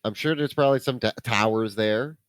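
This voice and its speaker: A man's voice: fairly low pitch, brisk, no room sound. A man co-hosting a movie podcast, casually riffing and tossing out jokes. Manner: joking, riffing with deadpan gags. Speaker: podcast co-host.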